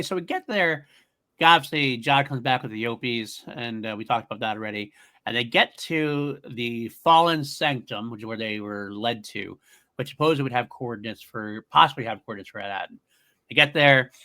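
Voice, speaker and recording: Bright-voiced man chatting on a podcast. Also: mid-range voice. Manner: rambling, animated, self-correcting. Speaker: podcast co-host. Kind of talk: casual podcast chat.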